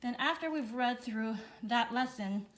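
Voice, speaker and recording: A woman reviewing children's learning books for her child, talking in a relaxed way with frequent fillers and demonstrating sounds. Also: a little high, measured pace, slight background noise. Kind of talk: casual instructional review.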